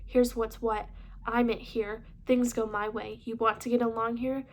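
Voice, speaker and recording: A woman's voice: a little high, little pitch movement, moderate pace, natural voice. A woman reading the lines of a mean, bossy teenage queen bee in an audiobook, in a cold, threatening manner. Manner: cold, threatening, then mock-gushing.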